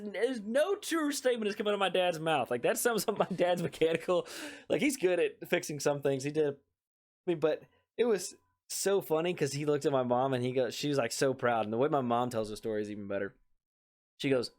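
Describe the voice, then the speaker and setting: A man co-hosting a casual podcast, telling a rambling family story with an amused edge. His voice sits at a middling pitch and he keeps the chat relaxed and conversational. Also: moderate pace. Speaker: podcast co-host.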